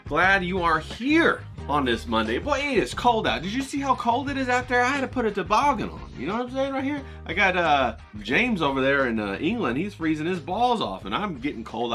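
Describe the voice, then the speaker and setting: A man's voice: medium pitch, pushed and bright. A middle-aged man vlogging outdoors in a hyped, rambling way, swearing casually and talking straight to his viewers. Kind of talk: casual chatty vlog talk. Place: outdoors, cold day.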